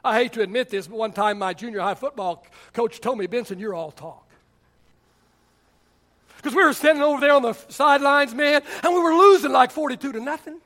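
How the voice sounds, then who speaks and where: A man's voice: very high-pitched, fast talker, few pauses. A man preaching a sermon as pastor, telling stories and acting out the people he quotes. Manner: animated storytelling preacher, acts out quotes.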